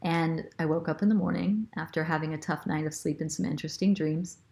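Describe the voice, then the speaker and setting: A woman's voice: low voice, fairly even intonation, a little fast, gravelly, darkish tone. A woman hosting a spiritual show, telling a personal story in an earnest, reflective way with fillers and restarts. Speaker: spiritual guide and host.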